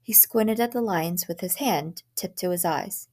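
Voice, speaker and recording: A woman teacher reading a short story aloud in a measured, dramatic way. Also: fairly low pitch, a little mellow.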